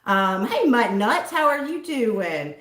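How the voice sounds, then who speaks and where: A woman from the southern US runs a livestream, giggling and chatting casually as she names her viewers in greeting. Her voice is on the high side, very animated yet slow, a bit bright, and it echoes in the room.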